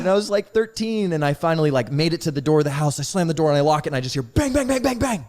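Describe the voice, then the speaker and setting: A man telling personal stories in a casual interview, animated and swearing freely, acting out quotes in a loud voice. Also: a little high, very fast, hardly any pauses. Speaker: actor interviewee.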